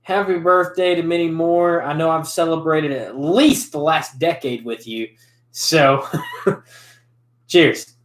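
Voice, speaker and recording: A man's voice: fairly high pitch, steady tone, a little slow. A man in his twenties chatting casually over drinks in a laid-back way, laughing often. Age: 20s. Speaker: host. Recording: echoey room.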